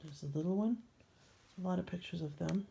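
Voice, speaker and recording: Speaking a little fast, this older woman has a fairly low, mellow voice with vocal fry, plus slight hiss or hum in the recording. As a scrapbooking vlogger presenting her pages, she chats casually and meanders, um-ing frequently.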